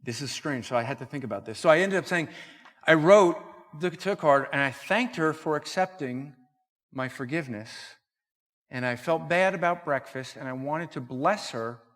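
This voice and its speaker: A man giving a conference talk at a church, telling a story and acting out the dialogue in an animated way. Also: medium pitch, normal speed. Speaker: conference speaker. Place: church hall. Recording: reverberant church hall.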